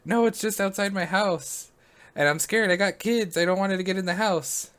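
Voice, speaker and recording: Man putting on a panicked shrill woman caller. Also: moderate pace, fairly bright tone, clear, resonant tone.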